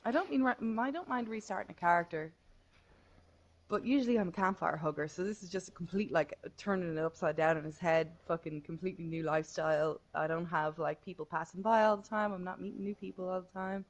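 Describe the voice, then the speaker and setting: A woman's voice: on the low side, brisk, rough recording. A woman, co-hosting a casual podcast chat, laughing often and swearing freely. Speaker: podcast co-host.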